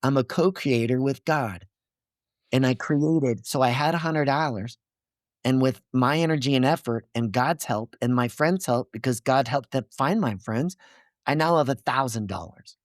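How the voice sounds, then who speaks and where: A man's voice: medium pitch, moderate pace. A man with a mid-range voice speaks as a podcast guest, laying out his ideas step by step like a teacher. He keeps checking in with his listener. The recording is dry and close, with no room echo. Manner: didactic, checks in with "okay?" and "right?". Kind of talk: earnest explanatory conversation.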